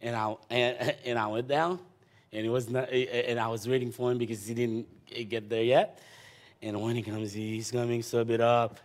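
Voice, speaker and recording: A man, a pastor, telling a personal testimony in an animated way, restarting phrases and often ending lines with "man". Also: mid-range voice. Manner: animated storyteller, halting restarts, repeats "man".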